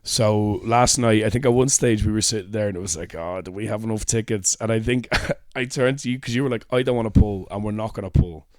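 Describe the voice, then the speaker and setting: A young man co-hosting a comedy podcast, chatting casually with animated, swearing storytelling. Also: fairly low pitch, brisk, few pauses, dry recording, studio quality. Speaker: podcast co-host. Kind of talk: casual banter.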